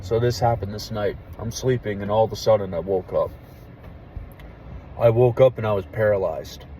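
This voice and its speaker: A young man, an army veteran, tells a story in a low, mellow voice, candid and full of casual swearing. He lowers to a near hush when the story turns tense. Faint traffic noise from outside sits under his voice. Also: moderate pace, low-quality recording. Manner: candid, profane, drops to a hush for tense moments.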